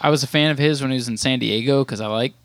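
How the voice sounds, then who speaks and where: A man's voice: mid-range voice, very fast, no room sound. A man co-hosting a podcast in casual chat, teasing and joking with his co-host.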